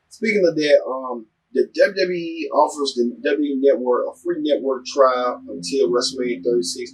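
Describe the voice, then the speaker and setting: A man hosts a news show with a husky, slightly breathy voice. He rambles loosely through the items, leaning on ums and restarts. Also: mid-range voice, rough recording. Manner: loose, rambling, filler-heavy. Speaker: show host. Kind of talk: news-style commentary.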